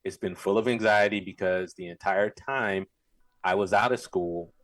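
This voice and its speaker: A man's voice: low voice, normal speed, no room sound. A man co-hosting a podcast, chatting casually and often restarting his sentences. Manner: stammering restarts, animated. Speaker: podcast co-host. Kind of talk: casual chat.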